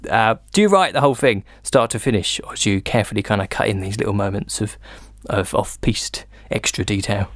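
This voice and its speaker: A man's voice: lowish voice, brisk, hardly any pauses, no echo, clean studio sound. A man hosting a radio interview, easygoing and encouraging toward his guest. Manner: easygoing, encouraging, laughs along. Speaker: radio show host.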